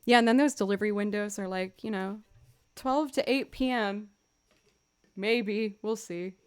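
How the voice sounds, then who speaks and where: A woman's voice: mid-range voice, measured pace, clear, resonant tone. Chatty young woman telling stories on stream. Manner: chatty, animated storytelling with laughs. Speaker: livestreaming musician. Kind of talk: casual chat with stream viewers.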